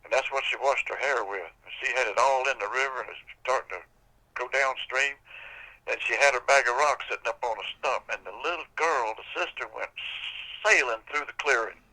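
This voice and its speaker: A man's voice: medium pitch, a little fast, bright, forceful tone, low-quality recording. An older man telling a folk tale on a podcast in a folksy, casual way. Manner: folksy, casual, drawling storytelling. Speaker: storyteller.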